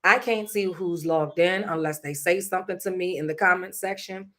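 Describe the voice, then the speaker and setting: A woman's voice: on the low side, normal speed, a bit bright. A middle-aged woman, hosting her own show and sharing a personal story in an earnest, prayerful way. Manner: earnest, prays aloud, laughs through a funny memory. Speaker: podcast host.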